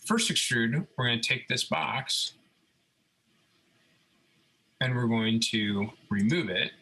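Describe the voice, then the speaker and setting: A man's voice: mid-range voice, a little slow, vocal fry, breathy edge, low-quality recording. A man talking through a computer design tutorial step by step, checking in often with listeners. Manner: relaxed step-by-step explaining, frequent "okay?" check-ins. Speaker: robotics instructor. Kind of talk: screen-recorded CAD tutorial.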